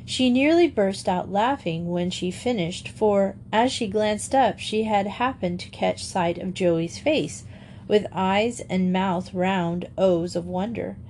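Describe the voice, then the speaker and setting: A woman narrating a storybook aloud in a clear, even storytelling manner. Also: mid-range voice, slow pace, a little hiss or hum. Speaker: audiobook narrator. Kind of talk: storybook reading.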